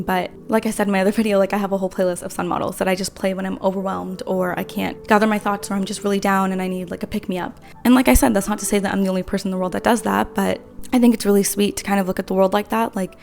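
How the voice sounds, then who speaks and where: A woman's voice: mid-range voice, vocal fry, a little mellow. A woman in her twenties, talking earnestly and rambling with many fillers in a casual vlog. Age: 20s. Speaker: vlogger. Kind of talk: casual talk to camera.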